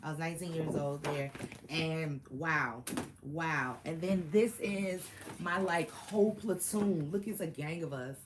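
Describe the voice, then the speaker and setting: A woman, chatting casually to camera about her Marine days, animated and full of slang and laughter. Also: low-pitched, unhurried, noisy background. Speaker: Marine veteran vlogger.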